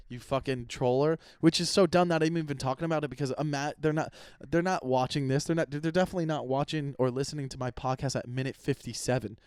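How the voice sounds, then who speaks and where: A man's voice: medium pitch, steady tone, fairly quick, a little mellow, clean tone, no echo, clean studio sound. A young man hosting his own podcast, chatting casually and rambling, swearing as he vents about his listeners. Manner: rambling, profane, venting. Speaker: podcast host. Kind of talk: casual solo podcast chat. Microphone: close podcast microphone.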